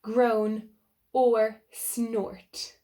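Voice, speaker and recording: A woman voicing a grumpy, complaining man in a children's storybook, gruff and grumbling. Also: fairly high pitch, flat delivery, drawn-out words, mellow. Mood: pleading.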